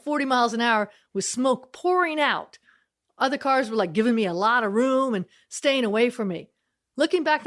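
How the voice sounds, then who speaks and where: A woman's voice: fairly high pitch, fairly bright tone. A middle-aged woman comedian telling a personal story in a chatty way, laughing between lines.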